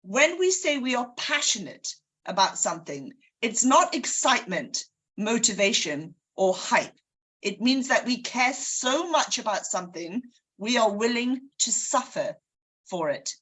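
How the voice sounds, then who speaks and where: A woman with a bright, forward voice and a husky edge leads a book club group. She speaks with energy, turning often to her listeners to rally them. Her pitch sits a little high. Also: unhurried. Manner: energetic, addresses listeners directly. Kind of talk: motivational group talk.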